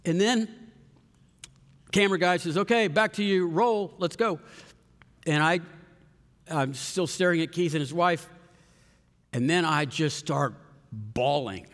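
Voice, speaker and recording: A man preaching a sermon, telling a story with sudden loud rises and soft, hushed passages. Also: on the high side, unhurried, pauses often. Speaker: pastor. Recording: long hall reverb.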